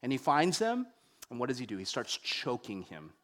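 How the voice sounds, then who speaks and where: A young man preaching a sermon, telling stories with wide swings between loud and hushed delivery. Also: medium pitch, wildly swooping pitch, moderate pace.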